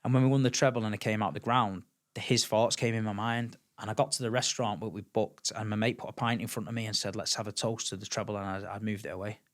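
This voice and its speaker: Animated Manchester man telling stories. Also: lowish voice, fast talker. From England. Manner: animated storyteller, acts out quotes, repeats words. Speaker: podcast guest. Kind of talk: casual chat.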